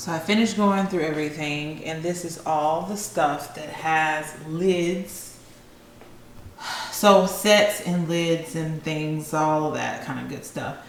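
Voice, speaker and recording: A woman with a Southern US accent chatting casually to viewers while clearing out her kitchen, a little winded. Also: deep voice, takes it slowly. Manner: chatty, talks to viewers as guys, sighs. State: a bit out of breath. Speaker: vlogger. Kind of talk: casual declutter vlog talk. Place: home kitchen. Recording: echoey kitchen, faint room noise.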